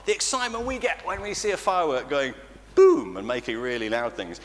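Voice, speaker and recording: A man with an English accent leading an all-age church talk for children, animated and playful, often laughing. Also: high voice, a little fast. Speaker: church leader. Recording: church reverb with faint noise.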